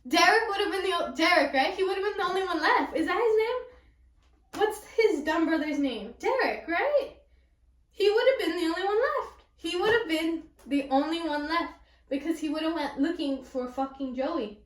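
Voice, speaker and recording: High-voiced Californian girl gushing about books. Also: lively intonation, normal speed. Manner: gushing, rambling, lots of "like" and "um". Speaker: book vlogger. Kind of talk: casual book review chat. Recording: echoey room, a little far from the mic.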